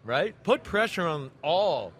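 A man's voice: on the high side, big pitch swings, slow, fairly bright tone. A man co-hosting a casual sports interview show, joking around loosely and swearing freely. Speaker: co-host.

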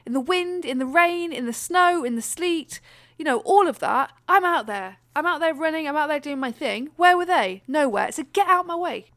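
A woman co-hosting a podcast, ranting in animated, exasperated bursts in casual chat. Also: high-pitched, moderate pace, no echo, studio quality. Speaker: podcast co-host.

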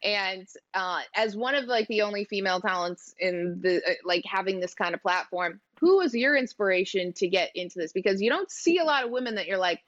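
A woman's voice: mid-range voice, animated, a little fast, hardly any pauses, a bit bright, no room sound. Bubbly woman host, dull dry sound. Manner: bubbly, giggly, filler-heavy. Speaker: podcast host. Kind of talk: casual interview chat.

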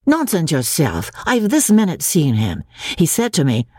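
A woman's voice: low-pitched, wildly swooping pitch, moderate pace, a little mellow, husky, dry recording, studio quality, pitched above the performer's own voice, heavily acted. A woman reading a boisterous teasing young man. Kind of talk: dramatic reading.

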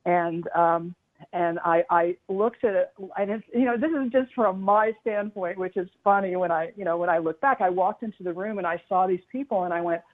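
Casting: earnest middle-aged woman, halting restarts, tinny phone line. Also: fairly low pitch. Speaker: spiritual teacher guest. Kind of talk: casual storytelling on a radio talk show.

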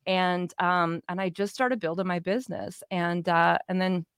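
A middle-aged woman with a fairly low voice tells her story as an interview guest, animated and casual, often playing out what people said. The sound is dry and close, with no room echo. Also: moderate pace, clean tone. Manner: animated, acts out quoted dialogue, laughs often. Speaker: interview guest, business owner.

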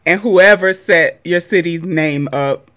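A woman's voice: lowish voice, takes it slowly, a bit bright. A woman co-hosting a podcast in casual, playful chat, laughing often. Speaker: podcast co-host.

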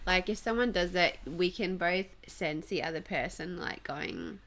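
A woman's voice: lowish voice, moderate pace, a bit bright. A woman hosting a podcast in casual chat, teasing her guest and laughing easily. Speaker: podcast host.

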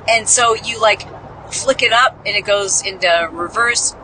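Over a noisy background, a podcast host from the Midwest speaks unhurriedly at a medium pitch. Her storytelling is relaxed, talkative, and self-deprecating, and she performs the voices of those she quotes.

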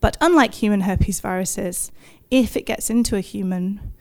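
In a medium-pitched, darkish voice at a normal speed, a woman in her thirties narrates a personal story for an audience. She keeps it in the present tense, vivid and self-deprecating, punctuated by bursts of laughter.

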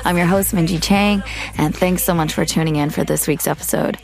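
A woman in her thirties hosting a podcast, talking in a hoarse, tired voice, chatty and candid with lots of fillers. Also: lowish voice, steady tone, brisk, darkish tone, faint music behind. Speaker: podcast host. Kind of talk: casual podcast monologue.

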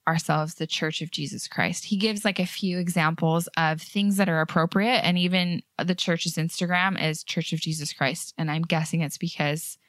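A woman's voice: lowish voice, steady tone, normal speed, few pauses, a bit bright, dry recording. A woman hosting a faith podcast, talking in an earnest, chatty way with light laughs. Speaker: podcast host. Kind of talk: casual faith podcast chat.

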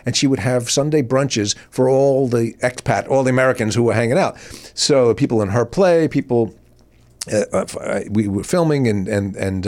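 An older man chatting on a podcast, swinging his voice high and low as he acts out what people said. His telling is loose and lively, full of restarts and asides. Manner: animated, acts out quotes with big pitch jumps. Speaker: podcast host. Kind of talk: casual storytelling chat.

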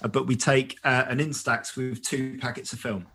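A man in casual conversation, telling lively stories and often asking "right?". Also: mid-range voice, normal speed, noisy background. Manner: animated storyteller, says "right?" often. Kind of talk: casual chat. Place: photographer who travels with a camera.

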